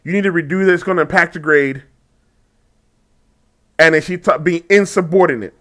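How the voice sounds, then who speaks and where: A man's voice: fairly high pitch, fairly quick, fairly bright tone. A man giving casual reaction commentary on a video, mocking and laughing often, with frequent swearing.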